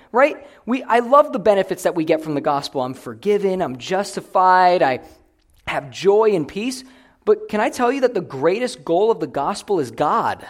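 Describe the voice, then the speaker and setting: A young man preaches with earnest conviction, his voice sitting a touch higher than most men's. He moves from loud, emphatic declarations to quiet asides as a pastor addressing his congregation. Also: very animated, measured pace. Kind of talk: sermon.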